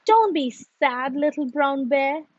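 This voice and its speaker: A woman's voice: high voice, lively intonation, slow pace, darkish tone, no echo, muffled recording. A woman voicing a helpful young rabbit with floppy ears in a children's storybook, with a chirpy, eager way of talking. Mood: comforting.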